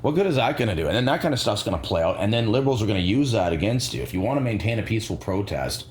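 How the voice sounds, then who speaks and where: A man giving sarcastic, rambling commentary, animated and fond of mimicking voices. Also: lowish voice, rapid-fire, echoey room, a little hiss or hum. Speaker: commentary vlogger.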